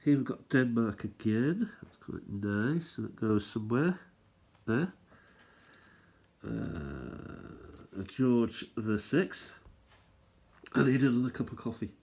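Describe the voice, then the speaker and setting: A man's voice: medium pitch, sing-song, slow pace, long pauses, a little mellow, husky. A man hosting a stamp collecting channel, rambling and thinking aloud as he chats casually through what he's showing. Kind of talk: casual show-and-tell chat.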